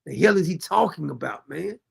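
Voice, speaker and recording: A high-pitched man with a gravelly rasp hosts a reaction commentary. He mocks and rants at the clips he plays in an exasperated, sarcastic way. He also reads viewer comments aloud. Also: animated, brisk. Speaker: commentary show host.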